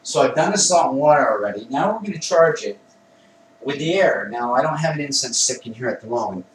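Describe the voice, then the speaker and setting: A man's voice: medium pitch, lively intonation, a little fast, a little hiss or hum. Man explaining a ritual in an echoey room. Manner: plain conversational explaining with self-corrections. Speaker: Wicca priest demonstrating a ritual. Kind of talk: instructional ritual demonstration. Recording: echoey room, mic at a distance.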